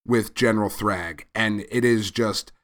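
A man's voice: fairly low pitch, fairly even intonation, measured pace, a bit bright. A man co-hosting a casual podcast, talking through the comics he read in an easygoing way. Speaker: podcast co-host. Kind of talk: casual comic book review chat.

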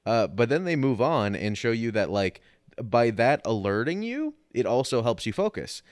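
A man's voice: medium pitch, big pitch swings, normal speed, dry recording, studio quality. A man co-hosting a podcast, explaining a topic in a rambling way with many fillers and the odd swear. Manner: explanatory, rambling with fillers, exasperated when interrupted. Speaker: podcast co-host presenting a topic. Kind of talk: casual podcast chat with swearing.

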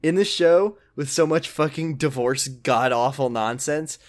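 A man co-hosting a podcast who chats casually about a TV show, animated, sarcastic and sometimes profane. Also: on the high side, a little slow. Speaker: podcast co-host. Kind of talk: casual chat recapping a TV show.

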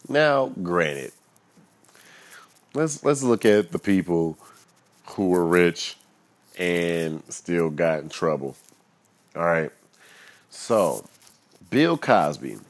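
Low, slow-talking young man rambling. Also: very animated. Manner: loose and profane, muttering asides, bursts of laughter. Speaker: solo commentator. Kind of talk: casual rambling monologue.

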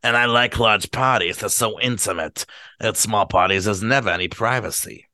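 A man's voice: on the low side, normal speed, bright, forceful tone, no echo. A man voicing a cool, bored young society woman in a dry, offhand way.

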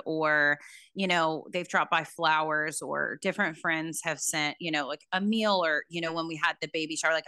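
A woman's voice: sits low, sharp tone, clear, resonant tone, dry recording, clean studio sound. A new mother talking in a reflective, heartfelt way on a podcast, with plenty of filler words. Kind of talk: casual podcast conversation.

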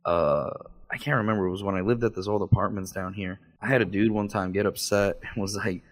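Man, 30s, lowish voice, casual swearing storyteller on a video call. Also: a little fast. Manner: profane, laughing storyteller. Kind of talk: casual chat.

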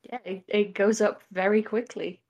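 A woman running a tabletop game as game master, relaxed and thinking aloud as she makes rulings. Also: mid-range voice, normal speed, muffled recording.

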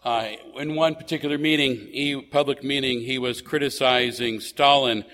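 A male pastor delivers a sermon at a middle pitch, in a relaxed, conversational way. He asks his listeners rhetorical questions and often hesitates or restarts a phrase as he goes. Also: moderate pace, a little hiss or hum.

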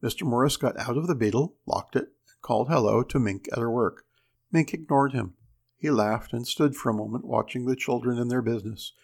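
A man reading a story aloud as narrator, measured with dramatic pauses. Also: mid-range voice, gravelly.

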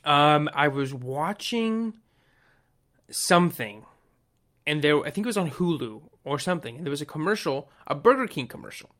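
A man chatting casually about songs he likes, rambling and swearing as he goes. His voice is bright and forceful and sits a bit high. He acts out little quotes along the way. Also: big pitch swings, moderate pace. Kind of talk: casual chat about music.

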